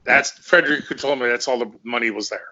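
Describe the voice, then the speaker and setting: A man's voice: mid-range voice, quick pace, sharp tone, dull audio. A middle-aged man, a former fighter, telling rambling, profane stories in casual conversation and often repeating himself.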